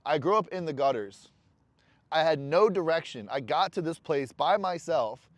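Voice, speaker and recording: In this dry recording, a man's somewhat high voice moves at a normal speed and stays animated. He's a vlogger puffing a cigar during a casual motivational video, rambling candidly to camera with blunt, profane self-talk.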